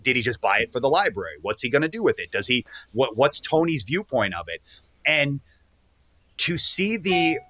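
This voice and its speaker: A man in his thirties, a wrestler guest on a podcast, telling earnest stories in casual, animated talk. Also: medium pitch, moderate pace, dry recording. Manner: earnest, animated, speeds up when excited. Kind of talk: casual interview storytelling.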